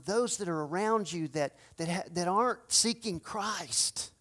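A man preaching a sermon as pastor, swinging between loud impassioned cries and hushed pleading. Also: high voice, a little slow, hardly any pauses.

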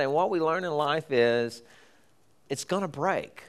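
A man's voice: on the high side, expressive, measured pace, a bit bright. Man preaching a chatty sermon. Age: middle-aged. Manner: conversational storytelling with laughs and acted-out voices.

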